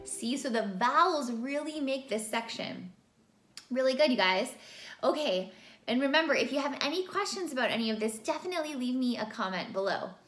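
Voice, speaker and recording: A woman teaching a singing lesson, explaining vowels clearly and demonstrating them by singing. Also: sits high, expressive, brisk, a bit bright. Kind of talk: vocal lesson with sung examples. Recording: roomy sound with faint music behind.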